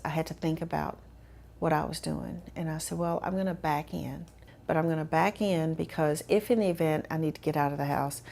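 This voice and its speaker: A woman telling her own story in a measured, reflective way with frequent fillers. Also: sits low, vocal fry, a little mellow. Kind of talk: personal testimony.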